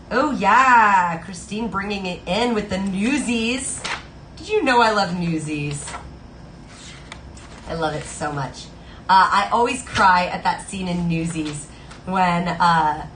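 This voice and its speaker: A woman's voice: on the low side, a little hiss or hum. A woman live-streaming at the piano, chatting casually and gushing to her viewers between songs. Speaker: live-stream pianist and singer. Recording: roomy sound with loud piano.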